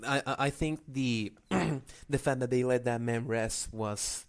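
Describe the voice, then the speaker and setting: A man's voice: mid-range voice, steady tone, unhurried, smooth. A man co-hosting a casual gaming podcast, often stumbling and restarting his sentences. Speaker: podcast co-host.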